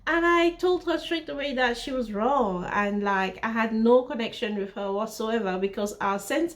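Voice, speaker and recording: A woman's voice: on the high side, normal speed. A young woman from Zimbabwe telling a personal story to camera in a blunt, emphatic way, repeating her points for stress. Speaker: vlogger.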